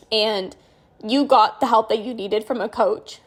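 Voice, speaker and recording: A woman's voice: a little high, unhurried. A young woman hosting her own podcast as a coach, speaking earnestly and getting tearful, with lots of "like" and "you know". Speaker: podcast host and binge eating coach. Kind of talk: emotional personal podcast monologue. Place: outdoors on a walk.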